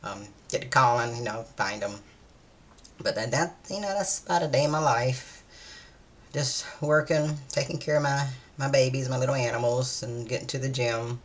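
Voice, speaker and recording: A woman's voice: rumbling low, moderate pace. A tired woman, chatting casually in a vlog, meandering and hesitant, with many fillers and restarts. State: weary, low-energy. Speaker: vlogger. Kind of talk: casual day-in-my-life chat.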